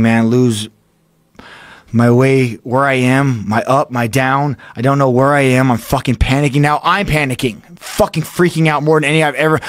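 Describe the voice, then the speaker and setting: A man's voice: medium pitch, no echo. A man on a podcast telling a cave-diving ordeal, swearing often and stopping and restarting as he goes. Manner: intense, profane, halting retelling. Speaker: podcast guest. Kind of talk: storytelling in casual chat.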